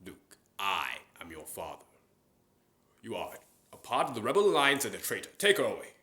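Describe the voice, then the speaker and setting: A man voicing a menacing, commanding masked male space villain in a low voice. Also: sing-song, normal speed, sharp tone. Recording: roomy echo.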